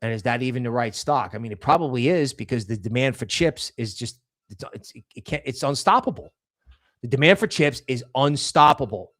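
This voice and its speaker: A man hosting a crypto livestream, talking casually and emphatically, with frequent restarts. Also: on the high side. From New York area.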